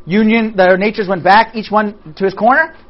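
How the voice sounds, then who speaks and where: A Bible study teacher leading a class in an animated way, asking and answering their own rhetorical questions and joking with the group. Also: mid-range voice, moderate pace. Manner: jokes with the group. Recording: dull lo-fi recording.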